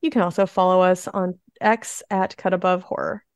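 A woman's voice: fairly low pitch, steady tone, moderate pace, smooth, no room sound, studio quality. A woman co-hosting a podcast, talking in a chatty, upbeat way and wrapping up the episode. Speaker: podcast co-host. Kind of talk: casual podcast chat.

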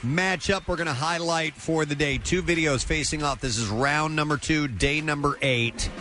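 A man's voice: on the high side, normal speed. A man hosting a morning radio show, chatting casually and telling stories with joking asides. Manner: loose storytelling with joking asides.

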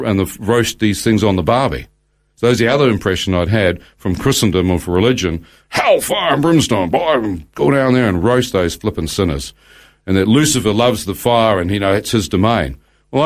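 A man, telling a guest's testimony in conversation, acting out his own thoughts as dialogue and quoting scripture by verse. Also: fairly low pitch.

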